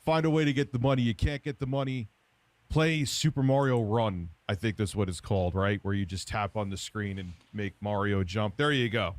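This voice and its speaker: A man's voice: fairly low pitch, moderate pace, no echo. A man giving informal, sarcastic gaming news commentary.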